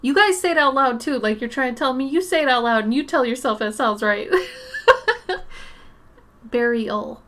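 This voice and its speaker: A woman's voice: a little high, normal speed, long pauses, a bit bright. A woman from Minnesota with a Minnesota accent, hosting a casual art livestream and chatting with viewers, laughing often and tripping over words.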